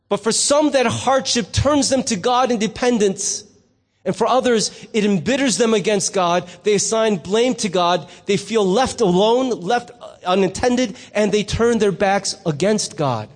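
A man preaching a sermon as pastor, conversational, with rhetorical questions. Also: high voice. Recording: long reverb in a hall.

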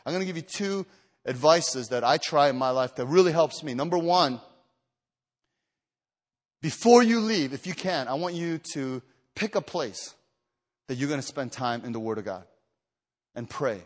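A man's voice: a little high, animated, moderate pace, long pauses, big-room sound. A man preaching a sermon to a retreat gathering, telling stories with lots of fillers and restarts, then building to emphatic exhortation. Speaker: pastor.

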